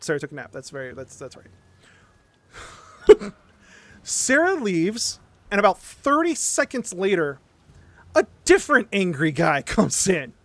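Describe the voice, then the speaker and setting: A male streamer tells a story in casual chat, animated and sarcastic, swearing and often stammering into restarts. His voice sits high, with no room sound.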